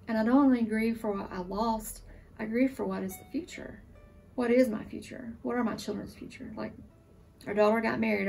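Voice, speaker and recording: A woman in her forties, a surviving military spouse, giving an emotional, earnest testimonial, sometimes halting. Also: on the high side, creaky, mellow, recorded from a distance. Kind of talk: testimonial interview.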